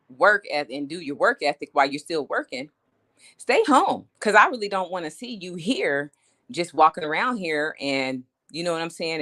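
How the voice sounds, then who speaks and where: Telling a story on a live stream, a woman rants in a chatty, blunt, emphatic way, often tossing in "you know what I'm saying." She has a deep voice with a fairly bright tone.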